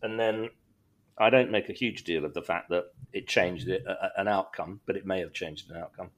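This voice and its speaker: A man's voice: low voice, normal speed. A middle-aged man, a podcast guest, tells a personal story in a rambling way, restarting his sentences often and adding wry humour. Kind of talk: casual conversational storytelling.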